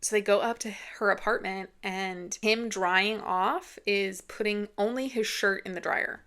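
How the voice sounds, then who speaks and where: A woman retells a novel in a loose, chatty book-review rant, peppering everything with "like." Her voice has a gravelly, fry-heavy edge that sits at a middle pitch. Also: fairly even intonation, measured pace, a bit bright. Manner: chatty retelling full of "like", acting out quotes.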